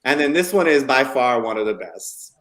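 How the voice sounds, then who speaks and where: A man in the middle of a lively talk show segment, reading out funny messages with lots of energy. His voice sits at an ordinary middle pitch, and his delivery is casual and chatty. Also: moderate pace. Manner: animated storyteller reading funny texts aloud.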